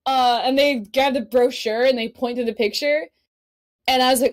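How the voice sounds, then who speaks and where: A woman guest on a podcast telling stories in a casual, animated way, laughing often and swearing freely. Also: high-pitched, normal speed. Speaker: podcast guest, cosplay model. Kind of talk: casual storytelling chat.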